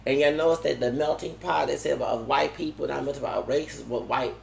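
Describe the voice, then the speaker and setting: A man's voice: mid-range voice, fairly quick, creaky, darkish tone, roomy sound, a little hiss or hum. A man talking in a long, rambling monologue, full of restarts and tag questions like "okay?". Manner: digressive, many restarts and "okay?" tags. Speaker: vlogger.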